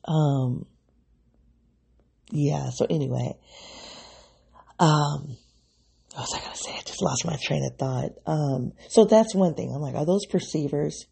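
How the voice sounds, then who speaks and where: Fairly high in pitch yet dark in tone, this podcast host's voice is gravelly and breathy, moving at a measured pace with long pauses. His reflective solo monologue meanders and self-interrupts as he speaks directly to listeners.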